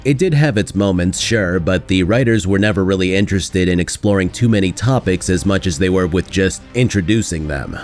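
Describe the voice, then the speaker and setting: A man with a fairly low voice reads a scripted gaming video essay, dry and sarcastic as he picks apart what he is reviewing. Faint music plays beneath him. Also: darkish tone. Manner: sarcastic, critical, mocks lines with quick put-on quotes.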